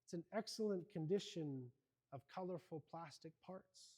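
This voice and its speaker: A man voicing a brilliant but very literal robot from a children's storybook, speaking low and flat. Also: moderate pace, breathy edge. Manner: flat, matter-of-fact listing.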